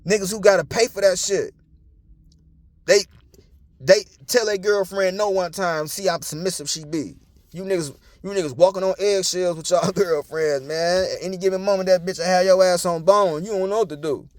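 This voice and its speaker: A young man delivers a casual, preachy monologue, blunt and full of profanity. His voice sits high for a man. The sound is close and dry, with no room echo. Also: steady tone, moderate pace, a little mellow. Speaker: commentator.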